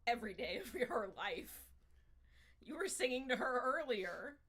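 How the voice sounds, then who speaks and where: A woman's voice: fairly high pitch, animated, measured pace, fairly bright tone, husky. Teasing woman co-host. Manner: teasing, dry banter. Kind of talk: casual chat.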